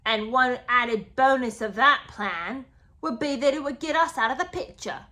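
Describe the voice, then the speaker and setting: A whiny, self-righteous young man pleads and protests with loud emphasis, as a woman mimics him. She lifts her usual voice a little as she does it. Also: a little high, lively intonation, unhurried. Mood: indignant.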